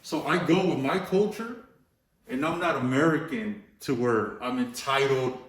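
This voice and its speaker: A Los Angeles graffiti artist tells stories as an interview guest, profane and full of street slang, constantly saying "bro" and "you know." His mid-range male voice moves at normal speed, recorded from a distance in an echoey room.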